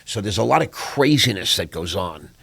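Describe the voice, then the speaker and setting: Gravelly-voiced man telling a story. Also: low voice, moderate pace. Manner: animated storyteller, acts out quoted voices. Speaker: podcast host. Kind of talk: casual storytelling interview.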